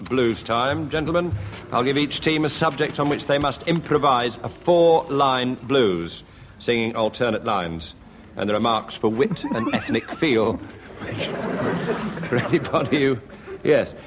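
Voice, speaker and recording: Guy hosting a radio panel show, dry and brisk, mid pitch, hissy old recording. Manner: dry, brisk, announcing scores and rules. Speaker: panel game chairman.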